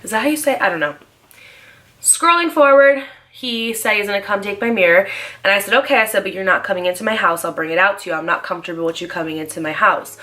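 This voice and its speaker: A woman's voice: medium pitch, pushed and bright. A young woman in her twenties telling a storytime vlog, chatty and full of "like" fillers. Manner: chatty, fast, heavy use of "like". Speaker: vlogger. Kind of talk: casual storytime.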